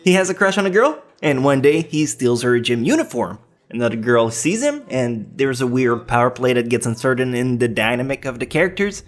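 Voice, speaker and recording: A man's voice: mid-range voice, sing-song, moderate pace, few pauses. A man with a French accent hosting a countdown list in a cheeky, joking way, with some swearing. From France. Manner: cheeky, swears, teasing jokes. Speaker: anime list host. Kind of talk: scripted countdown commentary.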